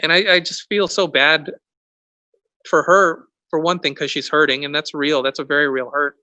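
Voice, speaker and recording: A man's voice: a little high, steady tone, moderate pace, pushed and bright, dry recording, lo-fi sound. A priest speaking to young people in an earnest, conversational way, often restarting his sentences. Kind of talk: youth talk sermon.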